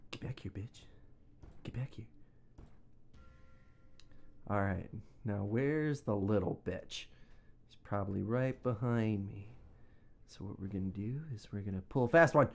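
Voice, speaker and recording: A man's voice: lowish voice, a little slow, creaky, pauses often, darkish tone. A man hosting a video game let's play, playful and swearing, muttering little chants at the game. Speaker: gaming channel host.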